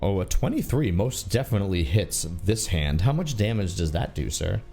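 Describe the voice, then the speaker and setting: A man running a tabletop game as dungeon master, narrating scenes in a playful, lively storytelling manner. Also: fairly low pitch, moderate pace, faint music behind.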